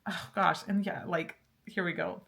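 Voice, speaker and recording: A woman's voice: lowish voice, fairly even intonation, normal speed, gravelly, a bit bright. A woman giving a casual pick-a-card tarot reading, chatty and laughing often, with lots of fillers and restarts. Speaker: tarot reader.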